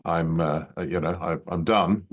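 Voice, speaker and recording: A man's voice: deep voice, fairly even intonation, a little slow. A middle-aged man with an English accent, a judge telling long stories in an interview, full of fillers and restarts. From England. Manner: rambling, many fillers and restarts. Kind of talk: conversational interview storytelling. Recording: dull lo-fi audio.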